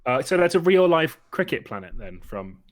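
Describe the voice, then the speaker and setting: Animated man in casual podcast banter. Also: fairly high pitch, normal speed. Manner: animated, jokey, interrupts. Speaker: podcast host. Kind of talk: casual pub chat.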